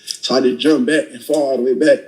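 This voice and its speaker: A young adult man with a medium-pitched voice casually retells a robbery, speaking briskly on a rough recording. He's animated and acts out the dialogue with blunt, profane energy.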